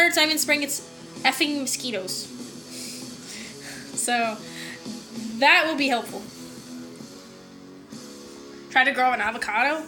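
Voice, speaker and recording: A woman's voice: high voice, bright, forceful tone. A woman from Canada chatting casually to her viewers on a home live stream, rambling with fillers and the odd swear word. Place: home, indoors.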